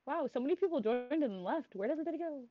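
A woman's voice: sits high, lively intonation, fast. A woman chatting jokingly on a video call. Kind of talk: casual chat on a video call. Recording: dull lo-fi call audio.

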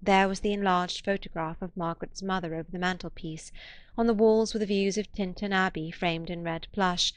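A woman with a mid-range voice reads a classic novel as an audiobook, measured and expressive. The recording is dry.

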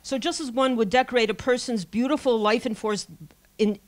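A woman giving an academic conference lecture, speaking in a measured scholarly way with frequent pauses and self-corrections. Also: fairly high pitch.

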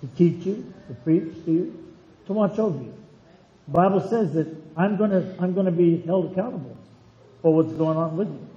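A man's voice: high voice, normal speed, echoey room, highs cut off. A man preaching a sermon as pastor in his church, emphatic and repeating phrases for weight.

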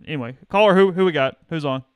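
A man's voice: fairly high pitch, fast, clear, resonant tone, no room sound, muffled recording. A man co-hosting a sports call-in show, chatting and wisecracking while juggling callers. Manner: animated, wisecracking. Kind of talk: casual chat.

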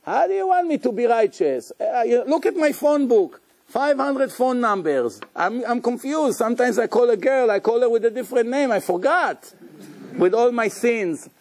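A man's voice: extremely high pitch, expressive, moderate pace, a little mellow, pitched above the performer's own voice. A man voicing a vain, womanizing young man who babbles excuses as he pleads his case. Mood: pleading.

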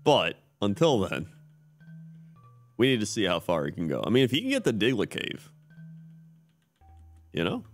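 A man's voice: on the low side, wildly swooping pitch, normal speed, pauses often, soft background music. A male streamer giving laid-back, wry live commentary on his own game play.

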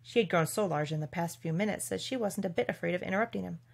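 A woman reading a classic children's story aloud in a measured, expressive narration. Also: fairly low pitch, gravelly, slightly rough. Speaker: audiobook reader.

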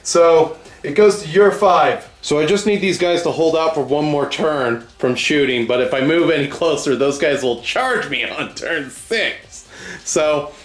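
A man's voice: fairly high pitch, a little slow. Profane joking gamer man, echoey room. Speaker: tabletop game player and channel host. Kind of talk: casual battle report banter.

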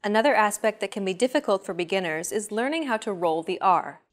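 A woman's voice: mid-range voice, lively intonation. Woman hosting a scripted language lesson. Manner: clear, measured explaining.

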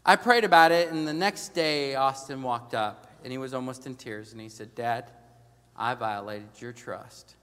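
A middle-aged male pastor preaching a storytelling sermon, dropping to a hush and then rising to loud emphasis. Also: medium pitch, moderate pace, few pauses, clean tone. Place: large church sanctuary. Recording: long reverb of a large church hall.

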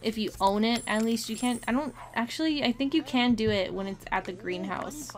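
A woman's voice: on the high side, fairly quick. A young woman giving a chatty, giggly commentary on a life-simulation game, often talking to her characters. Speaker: gameplay commentator. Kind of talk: casual let's-play commentary. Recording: faint game music behind.

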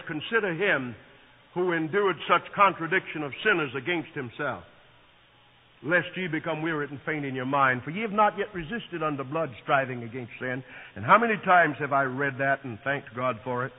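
A man preaching a sermon, swinging from hushed, quiet passages to shouted peaks. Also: a little high. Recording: tinny lo-fi recording in an echoing hall.

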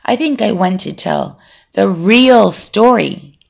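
A calm, brooding male vampire, read by a woman, remembering his past in a measured, collected way. The voice has a gravelly fry and moves slowly through each line. It is an audiobook reading. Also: medium pitch, full character voice. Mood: reflective.

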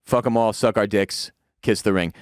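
A man's voice: moderate pace, clean tone, no echo, studio quality. Heated, profane man ranting about sports. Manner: profane, heated rant with sudden shouted peaks; drops to low, weary tone when calming down. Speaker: podcast host. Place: home room with dogs.

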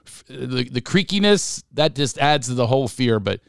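Middle-aged Philly man, podcast host, gravelly and playful, dry close sound. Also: mid-range voice, animated, normal speed, no echo. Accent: Philadelphia. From Philadelphia. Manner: jokey, playful, slips into comic voices. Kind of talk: casual interview chat.

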